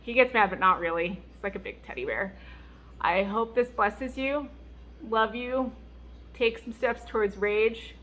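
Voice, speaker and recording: A woman speaks as a Christian mom vlogger, offering candid advice rooted in her faith. She talks in a chatty, expressive way and laughs easily. She brings the stories to life by acting out what other people said. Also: on the high side, unhurried. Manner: laughs often.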